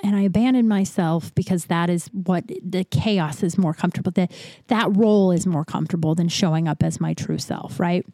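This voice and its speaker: Mellow-voiced woman rambling confessionally. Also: on the low side, dry recording. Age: 30s. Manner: rambling and confessional, with many fillers and "right?". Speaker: podcast host. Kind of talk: casual solo podcast monologue.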